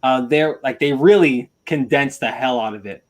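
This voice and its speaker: A man's voice: medium pitch, normal speed. A man in a casual film podcast chat, talking enthusiastically and rambling, often repeating himself. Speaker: podcast panelist.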